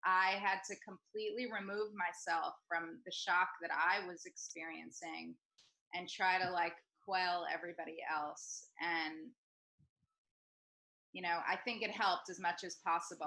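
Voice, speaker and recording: Bright-voiced woman hosting a talk. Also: fairly low pitch, steady tone, measured pace, poor audio. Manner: hesitant, many ums and restarts. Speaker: host of a group discussion. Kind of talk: casual storytelling. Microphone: video call.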